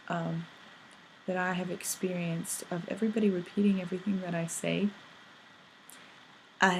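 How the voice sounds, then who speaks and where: A woman's voice: medium pitch, slight background noise, low-quality recording. A young woman from England with a British accent, chatting in a bubbly vlog full of likes and ums. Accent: British English. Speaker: vlogger. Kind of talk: casual vlog monologue.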